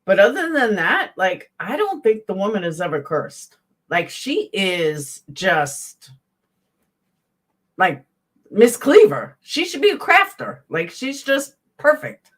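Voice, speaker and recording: A woman's voice: medium pitch, big pitch swings, slow pace. A woman with a Southern accent giving a blunt, profane, heated commentary rant as a YouTube host, talking to her live chat. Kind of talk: casual ranting commentary.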